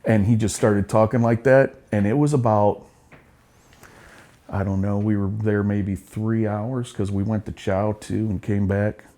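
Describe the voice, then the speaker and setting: A middle-aged man tells his stories with blunt, profane humor. His voice sits on the low side. He talks like a veteran guest in a relaxed interview. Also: a little slow. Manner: blunt, profane, laughing storyteller. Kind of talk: casual storytelling interview.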